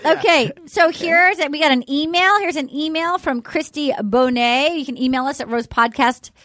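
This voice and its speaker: A woman's voice: high-pitched, moderate pace, fairly bright tone. A woman hosting a podcast, chatty and gushing as she reads listener mail. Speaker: podcast host. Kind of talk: casual chat.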